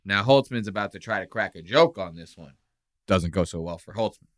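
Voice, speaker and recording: A man's voice: low-pitched, a little fast. A man hosting a podcast, casually commenting on comedy clips in a crude, joking way. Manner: crude, joking, animated storytelling. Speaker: podcast host.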